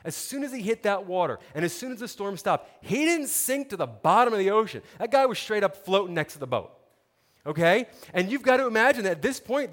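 A man preaching a sermon, telling a story with lively, conversational asides to his listeners. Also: sits high, in a large hall. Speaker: pastor.

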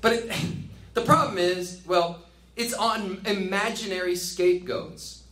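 Man teaching an animated, joking book-study talk, voice on the high side, echoing room. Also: a little slow. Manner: chatty, animated, laughs at own jokes. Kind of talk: casual teaching commentary. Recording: roomy with faint ambience.

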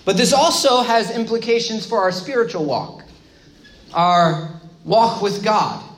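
High-voiced man preaching in an echoey room. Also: expressive, a little slow. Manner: informal, repeats phrases, asks the audience questions. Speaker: pastor. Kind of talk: conversational sermon.

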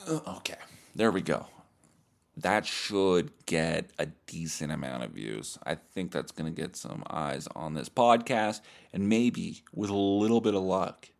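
A man hosting a podcast, rambling through a crude, profane comedic monologue in a deadpan, mock-serious way. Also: extremely low pitch, a little slow, vocal fry. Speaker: podcast host.

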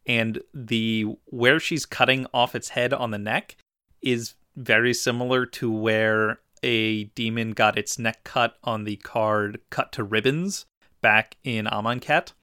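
Bright, crisp male podcast host. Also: medium pitch, fairly even intonation, takes it slowly, no echo, studio quality. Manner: enthusiastic, descriptive, with fillers. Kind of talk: casual chat.

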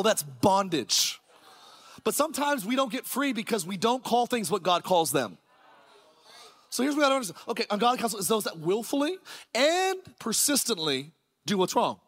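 Man, pastor, sermon, very high pitch, energetic, shouts, rhetorical questions. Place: church sanctuary.

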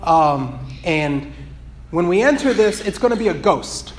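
A man's voice: sits high, very animated, unhurried, slight background noise. A man preaching in a loose, rambling way, with many restarts, before reading from a book. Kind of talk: sermon with read excerpt.

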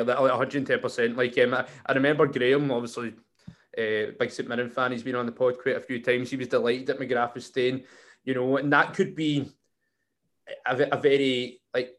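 A man hosting a casual football podcast, rambling with many fillers and restarts. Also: medium pitch. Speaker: podcast host.

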